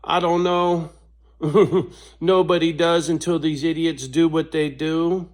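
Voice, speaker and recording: A male vlogger talks in a slow, drawn-out rant full of swearing. His voice jumps up high when he gets worked up, and he chuckles between his points. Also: steady tone. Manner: profane, swears constantly, laughs between points; slow, drawn-out delivery with big pitch swings. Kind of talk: casual ranting monologue.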